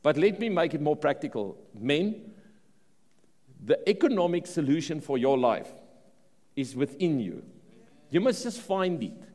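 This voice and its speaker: South African male preacher, fairly high voice, lively swooping delivery, sermon in a big echoing hall. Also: a little slow, long pauses. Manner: animated preaching, repeats words and restarts phrases. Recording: long reverb of a large hall.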